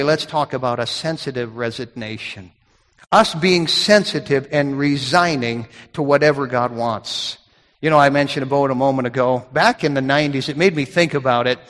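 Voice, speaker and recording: A middle-aged pastor with a somewhat high, slightly bright voice preaches a sermon at normal speed. He tells stories in a folksy way and keeps restarting, with long hall reverb around him.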